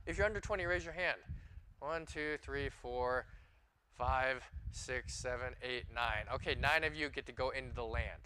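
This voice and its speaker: A man's voice: mid-range voice, lively intonation, moderate pace, bright, forceful tone, slight background noise, low-quality recording. A man preaching a sermon in a conversational way, talking to his congregation. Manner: conversational, asks the congregation questions. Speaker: pastor.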